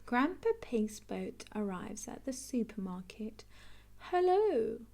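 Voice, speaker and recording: A woman reading a picture book aloud to children. She takes her time, her pitch sweeping up and down with storyteller flair. Slightly high, warm and unhurried. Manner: animated, expressive, slow and clear. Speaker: storybook reader.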